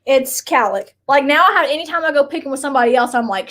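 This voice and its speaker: High-voiced chatty woman from Kentucky. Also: animated, quick pace, fairly bright tone. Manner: chatty and rambling, many "like" fillers. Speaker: co-host of a live stream. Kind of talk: casual live-stream chat.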